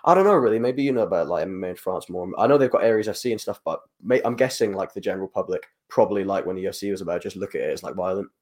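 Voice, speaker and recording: Rambling, low-voiced man chatting quickly. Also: expressive, a little mellow. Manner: rambling, heavy on fillers like "like" and "you know". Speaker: MMA journalist. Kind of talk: casual podcast chat.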